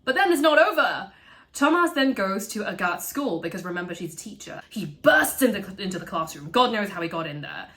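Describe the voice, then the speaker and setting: A woman casually recapping a film, animated and swearing freely as she acts out the characters' lines. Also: medium pitch, a little fast. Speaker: video essayist.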